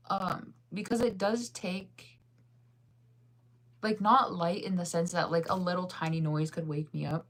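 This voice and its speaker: A woman's voice: fairly low pitch, steady tone, unhurried, fairly bright tone. Tired, yawning woman in her thirties. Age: 30s. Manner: rambling, heavy use of "like". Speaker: vlogger reading live chat. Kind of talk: casual chat.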